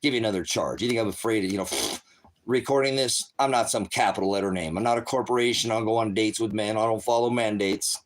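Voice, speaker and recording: Man, very low voice, rambling live-stream preacher, phone mic, faint hiss. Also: fast talker. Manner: rambling, talks fondly to his dogs. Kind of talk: casual live-stream talk. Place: at home with dogs.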